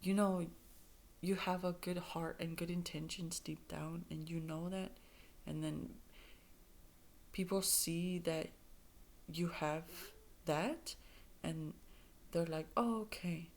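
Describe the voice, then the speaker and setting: A woman's voice: fairly low pitch, level tone, takes it slowly, long pauses, slight background noise. A woman vlogging about her life in a candid monologue, blunt and straightforward, swearing freely and rambling with many restarts.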